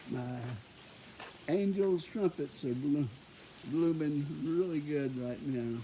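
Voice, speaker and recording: Slow, rambling Texan vlogger. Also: male voice, fairly high pitch, mellow, a little hiss or hum, rough recording. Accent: Texas. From Texas, USA. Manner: rambling, folksy, many fillers and restarts. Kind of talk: casual chat. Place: outdoors at home in the rain.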